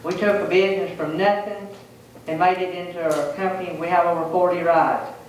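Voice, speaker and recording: A man's voice: high voice, fairly even intonation, a little fast, slight background noise. A man, a mayoral candidate giving a determined, plain-spoken forum speech. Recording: echoey room, mic far off.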